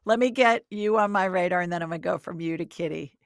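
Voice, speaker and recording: A woman hosting a live call-in show, chatty and quick to laugh, her pitch jumping up when excited. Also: gravelly, dry recording, clean studio sound. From Alabama, US South. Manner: chatty, laughs easily, lively swings in pitch. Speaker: host and intuitive reader.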